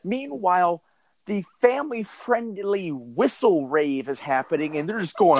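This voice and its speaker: Male comic co-host, loose and profane, very lively delivery. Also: high-pitched, moderate pace. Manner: animated, profane, riffing. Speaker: podcast co-host. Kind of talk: casual comedic chat.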